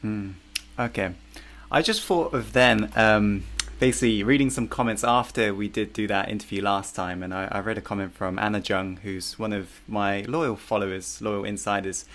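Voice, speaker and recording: A man's voice: fairly low pitch, fairly even intonation, normal speed, a bit bright, slight background noise. A man hosting an interview, listening attentively and asking short follow-up questions. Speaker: interview host.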